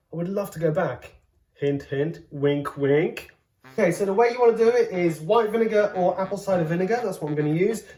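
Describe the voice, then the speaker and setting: A man hosting a casual cooking vlog from his home kitchen, joking around and exclaiming loudly as he tastes. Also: sits high. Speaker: host, comedian cooking at home. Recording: roomy kitchen sound. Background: faint background music.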